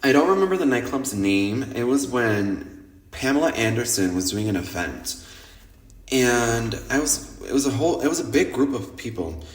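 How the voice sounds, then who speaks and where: A man hosting a podcast, telling nightlife stories in a lively, casual monologue that is full of swearing, and acting out what other people said. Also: mid-range voice, moderate pace. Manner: animated, swears freely, acts out quoted people. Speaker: podcast host. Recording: roomy echo.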